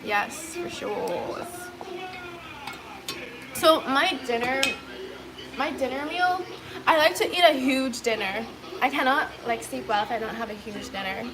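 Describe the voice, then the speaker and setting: A woman's voice: on the high side, noisy background. A woman chatting casually on a livestream, reading viewer messages, giggling often and leaning on fillers.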